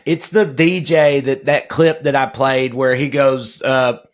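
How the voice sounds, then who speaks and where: A man trades casual banter as a podcast co-host. He is blunt and quick to react, and he swears a lot. His voice sits at a plain middle pitch. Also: steady tone.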